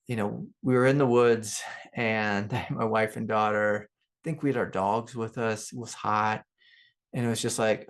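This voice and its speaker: A middle-aged man, a spiritual teacher, telling a personal story in a relaxed, rambling way with many fillers and soft laughs. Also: on the low side, vocal fry. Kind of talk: relaxed satsang talk with personal stories.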